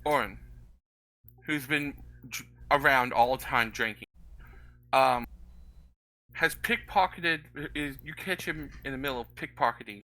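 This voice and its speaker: A man's voice: mid-range voice, unhurried, pauses often, pushed and bright, low-quality recording. A man narrating as game master of a tabletop game, rambling through filler words.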